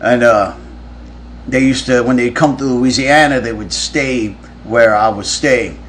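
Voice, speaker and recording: A man's voice: mid-range voice, a little slow, a bit bright, a little hiss or hum. A man on a live stream, casually telling a rambling, profane story and answering fan questions. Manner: rambling, profane, with frequent restarts.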